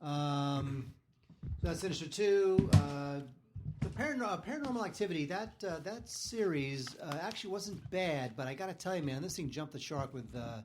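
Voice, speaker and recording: A man hosting a podcast, reviewing movies in casual chat in a sardonic, halting way with lots of fillers. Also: fairly high pitch, expressive, noisy background. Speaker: podcast host, film reviewer.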